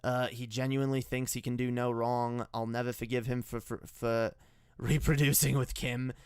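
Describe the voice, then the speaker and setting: A man's voice: medium pitch, little pitch movement, moderate pace, clean tone, no room sound, clean studio sound. A man from Canada with an unusual mixed accent, hosting sarcastic reaction commentary, stammering and laughing often. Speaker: commentary video host.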